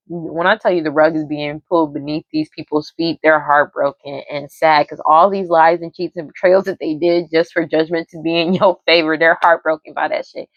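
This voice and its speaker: Lady doing a tarot reading on cam, lowish voice, blunt and slangy, dry dull sound. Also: dry recording. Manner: blunt, slangy, laughs often, swears. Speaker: tarot reader. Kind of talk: casual tarot reading to camera.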